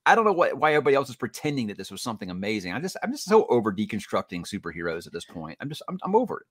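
A middle-aged man hosting a podcast, telling stories in quick, lively casual chat. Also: lowish voice, husky, dry recording, studio quality. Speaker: podcast host.

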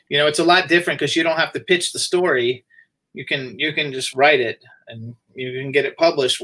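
A man's voice: a little high, bright, forceful tone, rough recording. A man who co-runs a PR agency, talking in a loose, rambling way full of fillers during a livestream interview. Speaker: PR agency co-owner.

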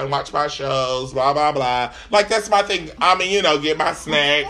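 A man's voice: on the high side, fairly even intonation, normal speed, gravelly, pushed and bright. A man telling a comic, profane, exasperated story in casual talk as a host. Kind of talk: comedic storytelling rant.

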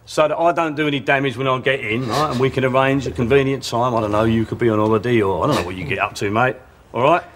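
An actor playing a dodgy, chatty male Cockney burglar who delivers a sales pitch in a Cockney accent and keeps adding "right?" to his lines. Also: quick pace, a bit bright, natural voice. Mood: cheeky. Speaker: sketch character.

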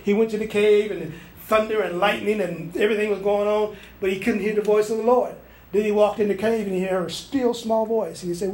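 A man's voice: sits high, steady tone, a little fast, a little mellow, roomy sound, distant mic, rough recording. A man delivering a sermon as a preacher, with fervent, repetitive exhortation.

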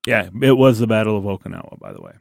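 Low-voiced man, earnest podcast talk. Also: huge pitch swings, very fast, creaky, no room sound, studio quality. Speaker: podcast co-host. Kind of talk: casual church podcast chat.

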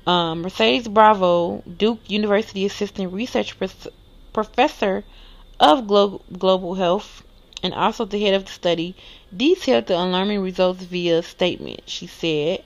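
A woman hosts her own podcast, reading news items aloud and commenting on them in a loose, chatty way. Her mid-pitched voice carries a gravelly fry. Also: moderate pace, muffled recording. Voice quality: lisp. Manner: casual, chatty, reads articles aloud then reacts. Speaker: podcast host.

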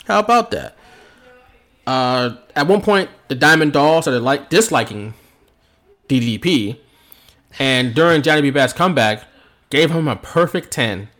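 A man co-hosting a podcast, recapping a wrestling event in an animated storytelling way with frequent laughs. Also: mid-range voice, measured pace. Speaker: podcast co-host.

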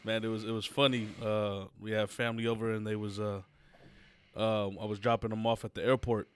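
A man co-hosting a casual podcast who tells stories with animation and slips into high mock voices. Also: level tone, fairly quick, clear, resonant tone, no room sound. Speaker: podcast co-host. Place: indoor home studio.

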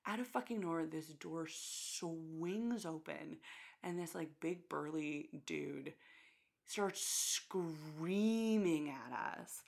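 A young woman in casual chat, telling a story in an animated way, acting out quotes and swearing freely. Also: fairly low pitch, moderate pace, vocal fry.

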